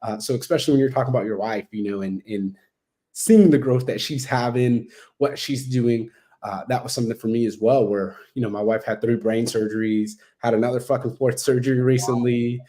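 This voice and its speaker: A man rattling along quickly as a podcast guest. He talks in a blunt, animated way, swears freely, and slips into the voices of others as he retells conversations. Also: mid-range voice. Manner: heavy swearing, blunt and animated, acts out quoted exchanges.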